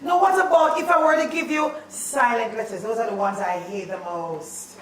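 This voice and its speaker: A woman teacher, leading a playful, animated spelling lesson in a classroom. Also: a little high, moderate pace, a little hiss or hum. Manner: animated and playful, calls out questions. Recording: echoey classroom, mic at a distance.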